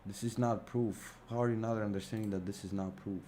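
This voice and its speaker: A man's voice: lowish voice, fairly even intonation, brisk, dark tone, faint music behind. A young man ranting on a casual live stream, exasperated and sarcastic, swearing and calling everyone "bro", with his mic right at his mouth. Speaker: livestream trading streamer.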